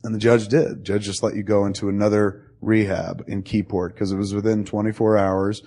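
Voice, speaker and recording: A man with a low-pitched voice tells a story in a loose, rambling way. He swears freely and jumps into other people's voices as he quotes them. He sounds middle-aged. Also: little pitch movement, brisk, warm tone. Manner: rambling, profane, acts out quoted dialogue. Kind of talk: casual conversation, storytelling.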